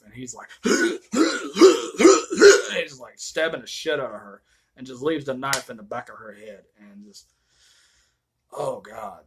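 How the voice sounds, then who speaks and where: A man giving a casual movie review rant, retelling scenes in a profane, excitable way. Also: medium pitch, slight background noise.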